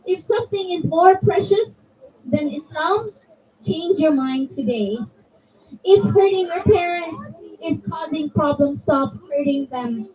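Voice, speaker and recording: Expressive woman telling a story to children. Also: very high-pitched, a little slow, distant mic, lo-fi sound. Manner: expressive, addresses the children directly. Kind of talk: storytelling for children at a religious gathering. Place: community center hall.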